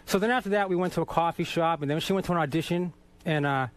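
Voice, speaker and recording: High-voiced profane man telling stories. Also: quick pace, no room sound. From Boston. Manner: profane, animated anecdote-telling with laughter. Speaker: guest. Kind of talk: casual storytelling interview.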